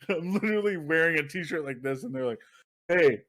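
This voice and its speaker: A man's voice: on the high side, animated, brisk, fairly bright tone. A young man co-hosting a podcast, chatting casually, swearing and laughing as he tells stories. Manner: laughing, swearing, loose storytelling. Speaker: podcast co-host. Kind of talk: casual chat.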